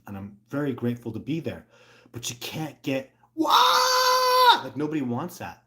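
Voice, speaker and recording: A middle-aged man hosting a casual livestream, talking earnestly and rambling, with lots of restarts and filler words. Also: mid-range voice. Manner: bursts into loud excited put-on exclamations. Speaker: host.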